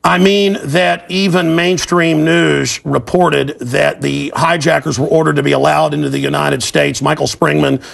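A man in an archival interview clip, insistent and talking over his interviewer, with a gravelly voice. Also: fairly high pitch, level tone, normal speed, few pauses, fairly bright tone. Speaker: interviewed radio host.

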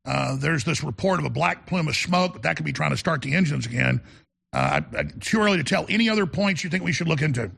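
A man's voice: on the high side, very animated, fast, creaky, a bit bright, husky. A man hosting a call-in radio show, talking in a rambling, emphatic way and often repeating words. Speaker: talk radio host.

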